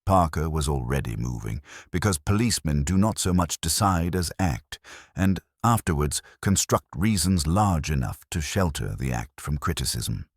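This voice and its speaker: A man narrating a mystery audiobook in a measured, atmospheric storytelling manner. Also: a bass voice, animated, no echo, studio quality.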